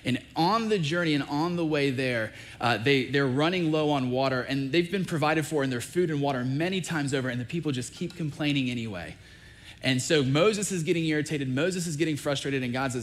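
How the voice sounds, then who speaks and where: A male pastor preaching a sermon, telling a scripture story with animated, acted-out quoted dialogue. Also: mid-range voice, fairly quick.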